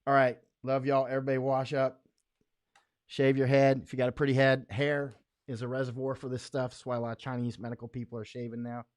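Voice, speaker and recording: A man's voice: medium pitch, little pitch movement, brisk, no echo, studio quality. An American man hosting a casual livestream, rambling in a folksy way, often laughing between thoughts. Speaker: livestream host.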